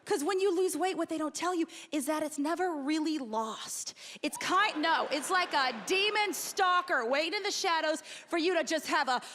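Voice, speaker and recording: A woman in her thirties from Texas doing loud, flirty stand-up comedy on a theater stage. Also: very high voice, moderate pace, few pauses. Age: 30s. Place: large theater stage with cheering audience. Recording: loud audience noise behind.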